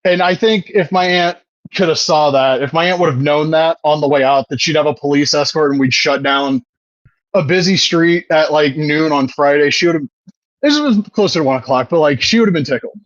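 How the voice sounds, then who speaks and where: A man's voice: fairly high pitch, normal speed, no echo, highs cut off. A man in his thirties co-hosting a podcast, chatting casually, rambling and swearing, often laughing. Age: 30s. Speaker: podcast co-host. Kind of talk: casual chat.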